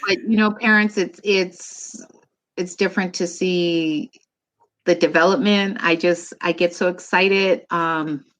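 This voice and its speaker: A woman in her forties, a mother talking as a guest in a casual interview, telling family stories in an animated way with laughs. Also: on the low side, unhurried. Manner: warm, animated storytelling with laughs.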